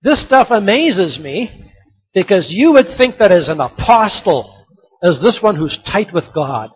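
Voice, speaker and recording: A very husky, raspy male pastor, delivering a sermon in a somewhat high voice. He tells a story and then urges the congregation on at full volume. The recording is dull and muffled. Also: sing-song, measured pace. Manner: storytelling, building to loud exhortation.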